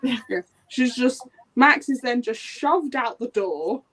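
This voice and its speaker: A woman with a bright, high voice talks casually in a book club discussion. She retells the story in a lively, animated way, slipping into quick acted quotes from the characters.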